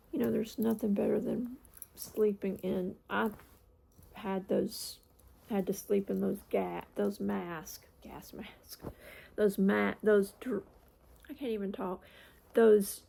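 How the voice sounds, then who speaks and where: A woman chatting casually at home for her vlog, rambling through asides and switching to high baby talk with her dogs. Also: gravelly, darkish tone, husky. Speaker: vlogger. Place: indoors at home.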